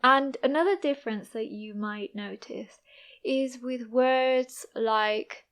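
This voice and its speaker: A young woman with an East Midlands English accent teaches English in a clear, unhurried monologue. She talks slowly and pronounces each word with care. Her voice sits a little high. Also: fairly bright tone. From East Midlands, England. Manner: careful, deliberate pronunciation. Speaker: English teacher, podcast host.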